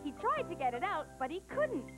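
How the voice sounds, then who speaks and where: A woman hosting a children's storybook show, talking in a bubbly, excited, sing-song way. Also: very high-pitched, fairly quick, over music.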